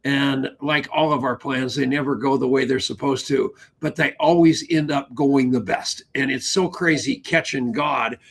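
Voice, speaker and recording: A man's voice: medium pitch, steady tone, normal speed, gravelly, hardly any pauses, slightly rough. A man hosting a podcast, chatting casually and telling stories, acting out what other people said. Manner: storytelling, acts out quoted dialogue. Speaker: podcast host. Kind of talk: casual conversation.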